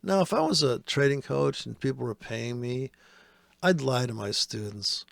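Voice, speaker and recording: Gravelly, foul-mouthed male trading ranter. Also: mid-range voice, animated, moderate pace, fairly bright tone, no echo, studio quality. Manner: profane, sarcastic ranting. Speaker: trading commentator. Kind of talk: casual screen-share trading commentary.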